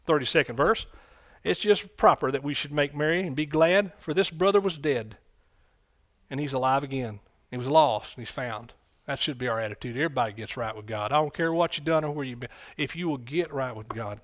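A man preaching a folksy sermon in church, breaking into loud excited bursts. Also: mid-range voice, brisk, no room sound, studio quality. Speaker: pastor.

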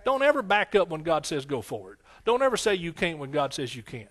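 A middle-aged man, a pastor, giving an emotional sermon testimony that swings between hushed, tearful moments and loud exclamations. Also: on the high side, sing-song, a little fast.

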